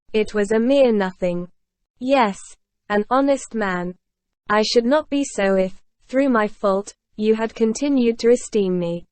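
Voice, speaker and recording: A woman's voice: mid-range voice, darkish tone, no room sound, close to an everyday voice. A woman reading the part of a remorseful aging former convict, in a solemn, anguished confessional manner.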